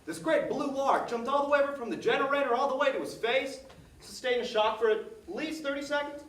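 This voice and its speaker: This stage monologue features a man with a very high, somewhat bright voice speaking fairly quickly. Playing a folksy character in a theater, he reminisces about his dog in a rambling story full of repetition, captured distantly with stage echo.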